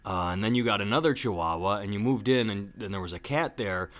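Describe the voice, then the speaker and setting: A man's voice: lowish voice, fast, a bit bright. A man hosting a podcast, chatting casually and telling rambling jokey stories. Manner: rambling, joking storyteller. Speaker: podcast host.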